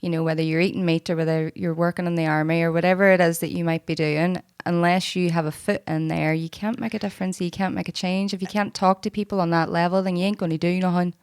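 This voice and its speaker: A woman guest on a podcast speaks earnestly and with steady emphasis. Her voice is low and smooth, with little rise or fall. The sound is dry and close. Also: fast, hardly any pauses, dry recording. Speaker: guest, soul coach. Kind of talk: casual interview chat.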